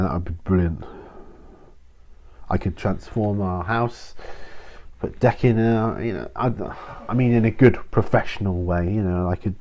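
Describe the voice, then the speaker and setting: A weary man talks through viewer questions in a low, dark voice, meandering and restarting his sentences. The home recording sounds dull and muffled. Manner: rambling, self-interrupting, frequent ums and sighs. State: tired, prone to yawning. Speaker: channel host answering viewer questions. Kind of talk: casual solo Q&A video.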